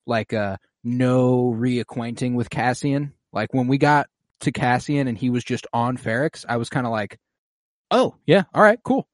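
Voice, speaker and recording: Animated, profane man recapping an episode. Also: medium pitch, moderate pace, dry recording, studio quality.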